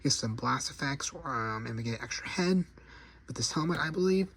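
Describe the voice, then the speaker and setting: A man's voice: mid-range voice, expressive, a little fast, fairly bright tone, slight background noise. A man casually reviewing an action figure, rambling and correcting himself as he goes. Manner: rambling, self-correcting, chatty. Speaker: toy collector reviewer.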